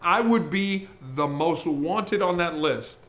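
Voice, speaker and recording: A man preaching a sermon as pastor, in a conversational, emphatic way, slowing to read scripture. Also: high voice, a bit bright. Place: church service, streamed.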